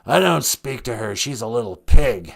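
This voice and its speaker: A man doing a comedy impression of a grumpy, raspy middle-aged male celebrity who sulks and grumbles. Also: medium pitch, animated, moderate pace. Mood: sulky.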